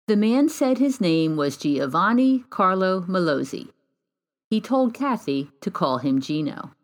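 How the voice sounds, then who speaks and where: A woman narrating a podcast story in a scripted, expressive style. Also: lowish voice, a little slow.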